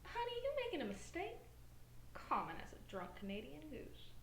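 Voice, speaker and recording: A woman's voice: high-pitched, wildly swooping pitch, normal speed, creaky, roomy sound, a little hiss or hum, exaggerated voice. A woman playing a brassy, sassy old dame. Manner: flirty pet names, saucy and brash. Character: brassy middle-aged female ex-con, sassy and unrepentant. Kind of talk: amateur comedy web drama.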